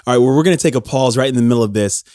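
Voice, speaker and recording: A man's voice: medium pitch, racing, dark tone, dry recording, clean studio sound. A man hosting a podcast, upbeat and affectionate, laughing easily while he talks with his guest. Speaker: podcast host. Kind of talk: casual podcast interview.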